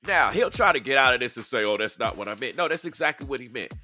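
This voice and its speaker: This online commentary host talks quickly in an expressive, mid-range voice, competing with loud music outside. He addresses his viewers directly in a casual live stream, hammering points home by saying them again.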